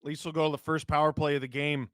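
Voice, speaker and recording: A man with a hoarse cold-roughened voice, hosting a live hockey watch-along, calling the play rapidly and reading chat with sudden excited shouts. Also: on the high side, dry recording.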